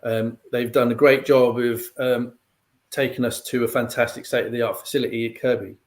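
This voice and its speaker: Measured man explaining club history. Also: mid-range voice, fairly even intonation. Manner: measured, explanatory, many "um" and "you know". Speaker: guest pundit. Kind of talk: conversational analysis.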